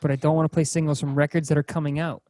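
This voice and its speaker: Rambling Boston man, slightly high voice. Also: flat delivery, racing, dark tone, no room sound. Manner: rambling, searching for words. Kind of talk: casual chat. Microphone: video call.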